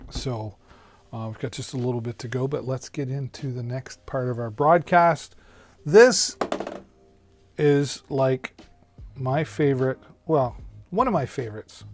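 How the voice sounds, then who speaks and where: Chatty man hosting a live-stream. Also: medium pitch. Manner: chatty, folksy, many fillers and restarts. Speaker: live-stream host reviewing deals. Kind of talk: casual live-stream product pitch. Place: home streaming setup. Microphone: studio microphone on a mixer.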